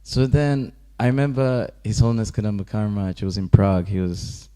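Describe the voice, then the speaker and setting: Male speaker with a lower-pitched voice, leading a casual temple class and narrating with light laughter. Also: brisk, clean tone. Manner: relaxed, chuckling, acts out characters' lines with raised pitch. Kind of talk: casual devotional class storytelling. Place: temple room.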